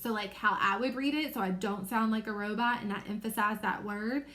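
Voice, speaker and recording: A woman teacher giving a recorded reading lesson to young children, explaining patiently and clearly. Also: medium pitch, fairly even intonation, brisk, a bit bright.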